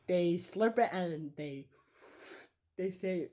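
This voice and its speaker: Slow, animated woman muttering "ew" reactions. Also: on the low side. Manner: disgusted exclamations, often drops to a whisper. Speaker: YouTuber reacting to a film. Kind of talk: casual commentary while pausing a movie.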